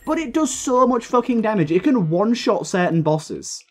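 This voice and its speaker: A man's voice: high-pitched, big pitch swings, normal speed. Heated, sweary young man gaming. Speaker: gaming video creator. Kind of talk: live gameplay commentary.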